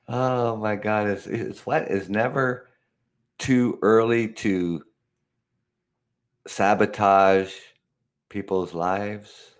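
An extremely slow, frequently pausing speaker with a lowish voice and fairly even intonation, he's a Canadian in his fifties hosting a casual live podcast. His talk rambles with restarts, full of chuckles and exasperation.

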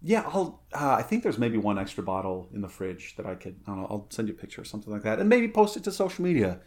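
A man co-hosts a podcast, chatting casually with a friend. His pitch moves around freely and he rambles, stacking fillers and restarting his sentences. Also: big pitch swings, quick pace, a little mellow. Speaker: podcast co-host. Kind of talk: casual chat.

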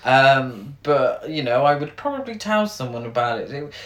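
Podcast co-host, mid-pitched, teasing and giggly, roomy echo. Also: animated, moderate pace. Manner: wry, teasing, laughs a lot. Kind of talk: casual film recap chat.

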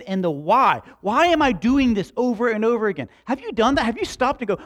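A man's voice: very high voice, sing-song, fast talker, hardly any pauses, fairly bright tone. A man preaching a sermon in a conversational way, with joking asides to the congregation. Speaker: pastor.

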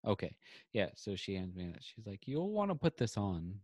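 Casual low-voiced man retelling a story. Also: normal speed, breathy edge, no echo. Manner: animated retelling with quoted back-and-forth. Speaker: podcast co-host. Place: home, on a video call.

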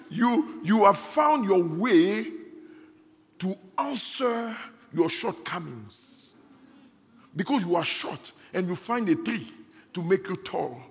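Pastor, high gravelly voice, energetic sermon delivery in a reverberant hall. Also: male voice, takes it slowly, pauses often. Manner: preaching with rising bursts and laughter.

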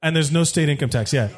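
A man hosting a comedy podcast, telling stories in a rambling, animated way and swearing freely. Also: fairly high pitch. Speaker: podcast host. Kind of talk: casual comedic storytelling.

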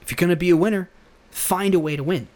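A man's voice: high voice, quick pace, a little mellow. A young man hosting a podcast, talking through a casual motivational monologue in an earnest, rambling way with many restarts. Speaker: podcast host.

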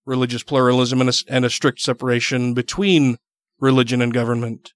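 A man's voice: mid-range voice, steady tone, fairly quick. A man hosting a casual podcast, reading a news story aloud and adding sarcastic asides. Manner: sarcastic, laughs often. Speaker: podcast host.

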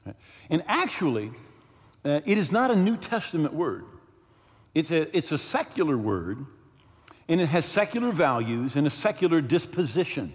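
Animated pastor preaching in a reverberant hall. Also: male voice, on the high side. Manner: storytelling, animated, many restarts and asides to the congregation. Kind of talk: sermon. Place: church sanctuary.

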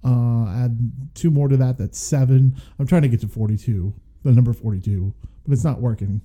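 Dark-voiced man hosting a podcast. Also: medium pitch, steady tone. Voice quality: very dark, mellow voice. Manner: rambling, joking, halting with fillers. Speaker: podcast co-host. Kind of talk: casual movie review chat.

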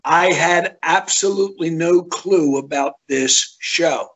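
Brief: husky male guest, animated storyteller, keeps restarting his sentences. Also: fairly high pitch, slow pace. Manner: animated, repeats and restarts words. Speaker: guest, tribute singer. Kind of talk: casual storytelling.

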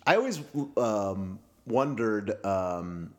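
Laid-back, low-voiced man joking dryly. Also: big pitch swings, slow. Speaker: podcast co-host. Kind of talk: casual chat.

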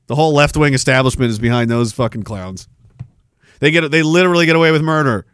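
A man's voice: medium pitch, fast talker, fairly bright tone, clean tone. A man hosting a podcast, ranting in a casual, profane and sarcastic way and reading out listener comments. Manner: profane, sarcastic, slips into mocking put-on voices. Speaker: podcast host.

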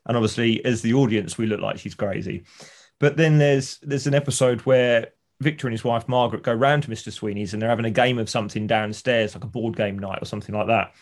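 A man's voice: mid-range voice, quick pace. A man, co-hosting a podcast, chatting casually and enthusiastically retelling TV scenes. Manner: enthusiastic storyteller, acts out scenes. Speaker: podcast co-host. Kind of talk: casual chat.

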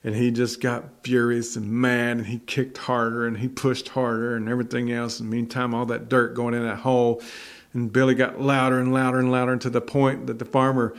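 A man's voice: mid-range voice, level tone, normal speed. A man preaching a folksy sermon that builds to emphatic repetition. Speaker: pastor. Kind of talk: sermon with storytelling.

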